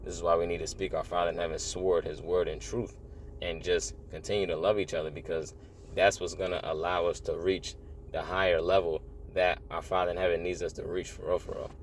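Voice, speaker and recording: A man's voice: sits low, flat delivery, brisk, a little hiss or hum. A man giving a casual, earnest spiritual monologue, rambling and repeating phrases, often saying "bro". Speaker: religious vlogger.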